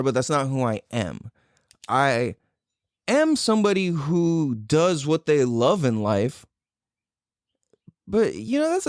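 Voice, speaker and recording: A man's voice: on the high side, no room sound, studio quality. A man hosting a podcast and telling a personal story in a loose, profane way, full of "like" and "dude". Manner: animated, reenacting his own past reactions. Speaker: podcast host.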